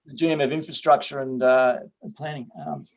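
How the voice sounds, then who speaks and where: A man's voice: medium pitch, fairly even intonation, brisk, rough recording. A man chairing a council meeting, polite and hesitant, with many fillers.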